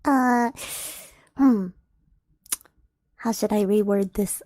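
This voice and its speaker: A woman's voice: high voice, measured pace, warm tone, no room sound. A young woman streamer reading fan fiction aloud, with giggly, playful asides to the writer.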